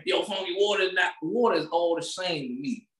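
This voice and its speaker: A man co-hosting a podcast, ranting loudly with swearing and frequent laughter, speaking. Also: high-pitched, fairly quick, roomy sound. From Maryland, USA. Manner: loud, animated, swearing, laughing often. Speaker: podcast co-host. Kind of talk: casual comedic rant.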